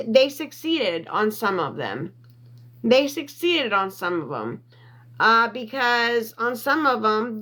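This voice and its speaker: A woman livestreaming from her phone, reading viewer comments, getting worked up and loud, repeating herself and defending her character. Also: on the high side. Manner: reads and answers viewer comments. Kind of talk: emotional livestream chat.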